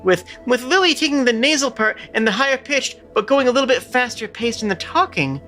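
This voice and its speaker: A man doing a high, nasal, excitable girl. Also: a little fast, faint music behind, heavily acted.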